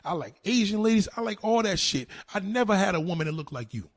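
A man ranting to a live chat as a streamer, loud, heated and profane. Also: high-pitched, very animated, fast talker, no echo. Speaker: online streamer.

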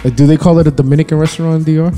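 A man co-hosting a podcast, trading quick teasing wisecracks in casual banter. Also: fairly high pitch, steady tone, mellow, faint music behind. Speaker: podcast co-host.

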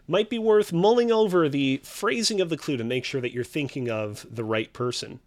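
A man's voice: mid-range voice, very animated, brisk, few pauses, darkish tone. A man hosting a trivia game show, reading clues with a theatrical, teasing quiz-host delivery.

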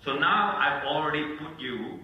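A man, a physician, telling lively stories in a casual podcast discussion and acting out phone calls. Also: on the high side, unhurried, highs cut off. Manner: animated storyteller, acts out phone calls. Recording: echoey room, distant mic, faint noise.

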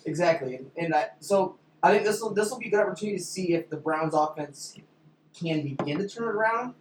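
A man co-hosting a sports podcast, speaking in a measured way with dry teasing. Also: high voice, animated. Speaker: podcast co-host. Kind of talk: casual sports chat. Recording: roomy with faint noise.

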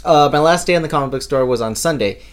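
A man's voice: a little high, fast talker. A young man co-hosting a casual podcast, telling a long anecdote full of quoted exchanges. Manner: storytelling, quoting people. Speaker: podcast co-host. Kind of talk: casual chat.

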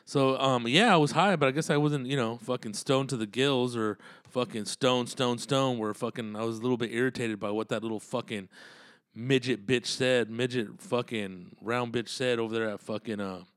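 A man's voice: medium pitch, steady tone, moderate pace, a bit bright, no room sound, clean studio sound. A man hosting his own podcast, rambling in a loose monologue full of cursing and street slang. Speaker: podcast host and comedian.

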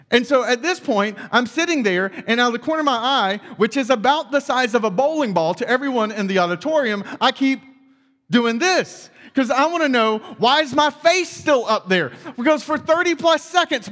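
A man pastor delivering a sermon through personal stories, animated and full of self-deprecating humor, in a church auditorium. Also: very high-pitched, in a large hall.

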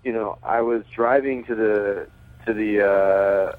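A man's voice: on the low side, steady tone, slow. A man who is a guest on a radio show, telling stories over the phone in a chatty way, laughing often and restarting his sentences. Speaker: baseball pitcher and racing team owner, guest. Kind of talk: casual phone interview. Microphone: phone call. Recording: tinny phone line.

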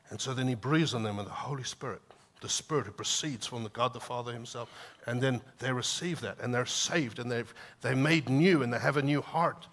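A man preaching a sermon, lively and animated, acting out quotes from scripture. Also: medium pitch, moderate pace, long pauses. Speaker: pastor.

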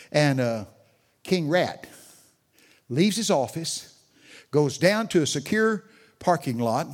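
A man's voice: a little high, a little mellow. An older man preaching a sermon as a guest speaker, telling stories and chatting with people in the audience. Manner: storytelling, chats with audience members.

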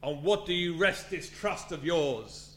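A pompous, menacing army commander, as a man from the congregation puts him on, speaking in a slow, artificially lowered voice. The voice is fairly high for a man, and the recording carries a roomy echo. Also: lightly acted. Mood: intimidating. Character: menacing male Assyrian field commander, pompous villain. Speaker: congregation volunteer reader.

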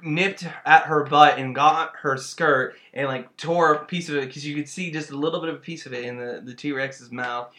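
A man co-hosting a casual chat about a movie, talking loosely and haltingly with many fillers. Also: on the high side, steady tone, pushed and bright. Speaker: podcast co-host. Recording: roomy echo.

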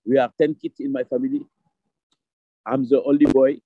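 Halting man in his fifties on a thin line. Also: mid-range voice, flat delivery, no echo. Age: 50s. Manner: halting, simple phrasing. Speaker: store owner guest. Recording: dry, phone-like sound.

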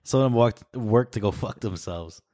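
A man's voice: lowish voice, moderate pace, darkish tone. A young man co-hosting a podcast in casual chat, swearing a lot and laughing as he tells stories. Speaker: podcast co-host.

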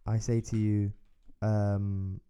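A man's voice: on the low side, level tone, takes it slowly, warm tone, clear, resonant tone. A man hosting a podcast, telling a long story in casual chat, rambling and restarting as he goes. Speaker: podcast host.

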